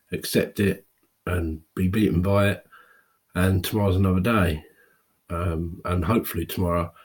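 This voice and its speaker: A tearful man in his fifties speaking a raw, halting personal monologue to camera, with pauses and restarts. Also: sits low, a little mellow, slightly rough. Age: 50s. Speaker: video blogger.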